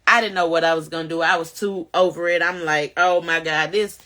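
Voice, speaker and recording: A woman tells her own story straight to a phone camera at home. Her voice is bright and pushes forward, sitting a little low. She acts out everyone she quotes and climbs high when the story gets tense. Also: steady tone, a little fast. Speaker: mother of five telling her life story. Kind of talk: casual storytelling vlog.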